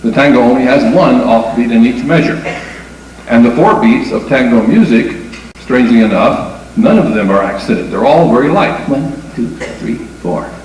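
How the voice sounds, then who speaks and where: A man's voice: mid-range voice, animated, normal speed, a little mellow. A man giving a lecture on dance music, explaining step by step and counting beats aloud. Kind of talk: lecture with demonstration. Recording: echoey room from far off with faint noise.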